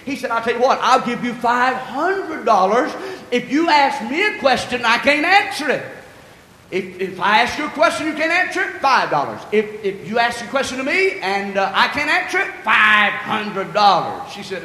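High, bright-voiced preacher in echoey hall. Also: male voice, lively intonation, moderate pace, slight background noise. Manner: storytelling preacher, emphatic and repetitive. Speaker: pastor. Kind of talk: sermon. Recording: echoey hall with long reverb.

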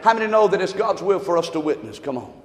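A middle-aged male pastor preaching a sermon in a church, impassioned, swinging between shouts and low asides and jokes. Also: sing-song, fast talker. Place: church sanctuary. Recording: echoey church hall.

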